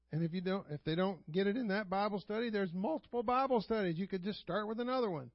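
A man's voice: high-pitched, a little fast, dry recording, dull audio. A man preaching a sermon to his church, telling stories in a conversational way, chuckling often and asking the congregation rhetorical questions. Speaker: pastor. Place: church sanctuary.

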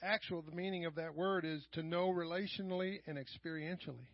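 High-voiced preacher, dull lo-fi sound. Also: male voice, steady tone, fairly quick, dry recording. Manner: swings from quiet asides to loud raised passages. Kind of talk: sermon. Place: church sanctuary. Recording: dull, lo-fi church live stream.

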